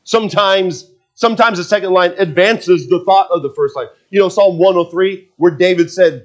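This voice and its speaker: Male preacher, higher pitch, emphatic sermon delivery with frequent restarts. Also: moderate pace, hardly any pauses. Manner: emphatic, repeats himself, frequent restarts and fillers.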